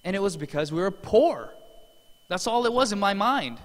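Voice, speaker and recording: A man's voice: high voice, expressive, moderate pace. A man giving an earnest, emotional motivational testimonial as a seminar speaker in a large event hall. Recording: long hall reverb.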